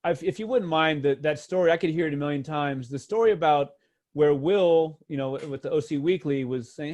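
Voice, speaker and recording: A man's voice: on the high side, brisk. Easygoing male podcast host. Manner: relaxed, loose questions with many fillers. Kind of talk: casual interview chat.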